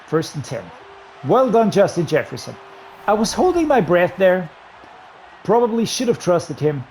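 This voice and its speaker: A man giving running commentary while playing a football video game, excitedly talking through his play calls to himself. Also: high voice, moderate pace, a little hiss or hum. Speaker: gaming YouTuber. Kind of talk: live gameplay commentary.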